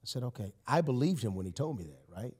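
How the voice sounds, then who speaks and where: A man, a podcast guest telling a personal story in casual conversation, animated and emphatic, often saying "you know" and "man". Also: mid-range voice, quick pace, husky.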